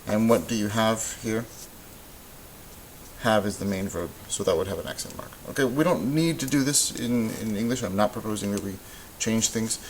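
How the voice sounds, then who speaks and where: A man with a low voice talks through a recorded grammar lesson. He explains in a relaxed way, filling pauses with ums and uhs. A faint hiss runs under the recording. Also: low-quality recording. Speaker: Spanish teacher.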